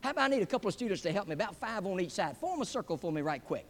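A man preaching a sermon to a live audience, swinging between loud emphatic peaks and hushed drops. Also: high-pitched, big pitch swings, rapid-fire. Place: large hall with a live audience. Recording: long hall reverb.

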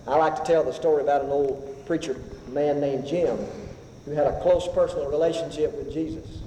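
A man preaching a sermon, swinging between loud rising passages and hushed, slow whispers. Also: on the high side, fairly even intonation, slight background noise. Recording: echoey hall, faint ambience.

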